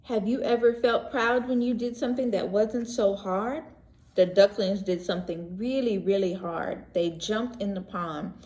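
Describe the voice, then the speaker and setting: A woman teacher reading a picture book aloud to young children, gentle and expressive, pausing to ask questions and explain words. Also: medium pitch. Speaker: pre-K teacher. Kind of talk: read-aloud story lesson for young children. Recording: echoey room.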